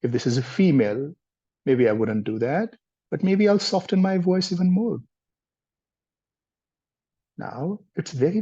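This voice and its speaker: Man, counseling trainer; gentle, explanatory delivery, warm husky tone. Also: on the high side. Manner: gentle, explanatory, mixes in Hindi words. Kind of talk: explaining in a live workshop. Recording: dull lo-fi sound.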